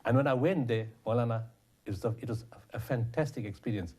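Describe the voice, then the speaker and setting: Speaking fast in a mellow, mid-range voice, this man is a guest on an interview. He founded a charity and tells his stories with passion, quoting people's lines as he goes.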